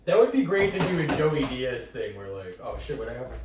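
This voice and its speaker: A man's voice: mid-range voice, big pitch swings, fairly quick, heavy reverb, recorded from a distance, noisy background. A man co-hosting a comedy podcast, laughing often and riffing in casual chat. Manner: laughs a lot, does silly voices. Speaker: podcast co-host.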